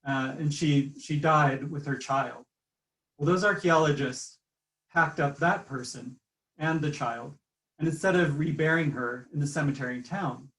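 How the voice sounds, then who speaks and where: A man telling a story at an easy pace, using fillers like "uh" and "you know", and at times reading aloud from a book. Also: fairly high pitch. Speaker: guest speaker. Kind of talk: storytelling lecture. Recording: roomy sound from a distant mic.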